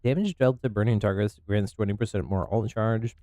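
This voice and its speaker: Easygoing, low-voiced male game streamer. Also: brisk, mellow, dry recording. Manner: chatty, easygoing, laughs at himself. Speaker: streamer playing with viewers. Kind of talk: casual live gameplay commentary.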